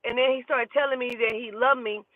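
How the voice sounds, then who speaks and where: A woman who works as a spiritual advisor, telling a personal story in a lively, profane, gossipy way and acting out the dialogue. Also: a little high, fairly quick, dry recording. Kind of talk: casual storytelling. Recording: tinny phone-like dry sound.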